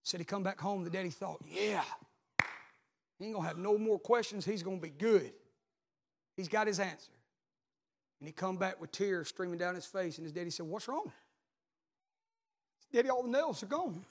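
A man, a pastor preaching a sermon, telling a story and then building to loud repeated calls. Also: high voice, normal speed, vocal fry, pauses often.

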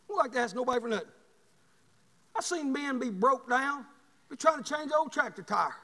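A man preaching a sermon, telling folksy stories and rising to loud bursts. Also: very high-pitched, lively intonation, brisk, big-room sound.

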